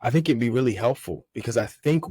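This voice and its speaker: A man hosting a podcast, talking casually in a halting way and often repeating words. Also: mid-range voice, dark tone, dry recording. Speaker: podcast host. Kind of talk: podcast interview.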